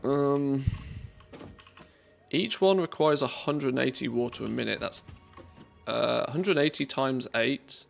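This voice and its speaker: Streamer, gravelly, chatty, thinks out loud mid-game. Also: male voice, mid-range voice, a little slow, pauses often, faint music behind. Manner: thinking aloud, chatty, laughs easily. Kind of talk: casual live-stream commentary.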